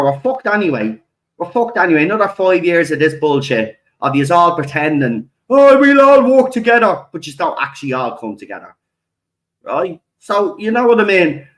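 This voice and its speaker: A man's voice: fairly high pitch, a bit bright, poor audio. Ranting, swearing Irish man. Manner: heavy swearing, repeats "right?". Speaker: video channel host. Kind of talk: angry ranting monologue.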